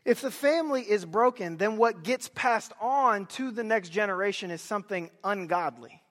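Young man preaching; high, lively storyteller with shouted emphasis, recorded in a big echoing hall. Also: normal speed. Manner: animated storytelling, bursts of loud emphasis. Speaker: pastor. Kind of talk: sermon.

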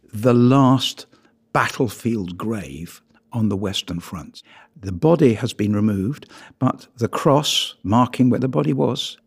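A man from Britain, a photographer giving a public talk on his pictures in an earnest, measured way with emphatic rises on key words. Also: medium pitch, slightly rough.

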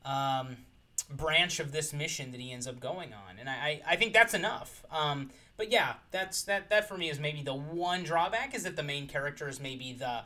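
A man's voice: a little high, normal speed, sharp tone. A man guesting on a podcast, talking enthusiastically about films in a casual, articulate way. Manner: enthusiastic, articulate, frequent ums. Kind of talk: casual film discussion.

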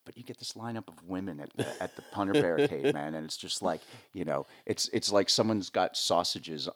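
A man's voice: deep voice, fairly quick. A middle-aged man from the United States, a live sound rigger, telling rambling stories in a casual interview. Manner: rambling, lots of fillers, animated voices when quoting.

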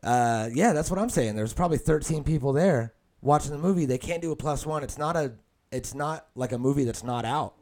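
A man hosting a podcast in casual chat, rambling and joking, quick to laugh. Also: fairly high pitch, darkish tone. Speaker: podcast host.

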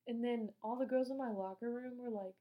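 A woman's voice: a little high, fairly quick, narrow, tinny audio. A woman in her late teens telling a travel story in a casual, profane, slangy way, acting out the dialogue as she goes. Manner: animated, acts out dialogue. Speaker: vlogger.

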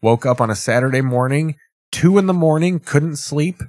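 A man's voice: fairly high pitch, moderate pace, a little mellow, dry recording, clean studio sound. A man giving casual, profane commentary as he reacts to TV clips, rambling with wry asides.

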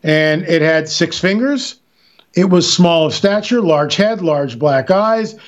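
A man's voice: on the high side, expressive, takes it slowly, highs cut off. A man talking as an interview guest, telling stories emphatically with frequent restarts. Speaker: interview guest, filmmaker and author. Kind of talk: animated radio interview talk.

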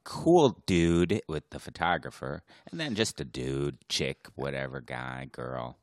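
Man, extremely deep voice, wisecracking co-host, dry sound. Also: animated, a little slow, no room sound. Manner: wisecracking, laughs often. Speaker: podcast co-host. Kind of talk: casual chat.

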